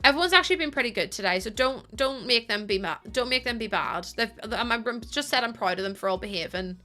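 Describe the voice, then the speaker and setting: A woman's voice: on the high side, animated, fast talker, bright, forceful tone. Giggly young woman streamer. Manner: giggly, playfully scolding her chat. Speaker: live streamer. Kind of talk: casual live-stream chat. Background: faint music.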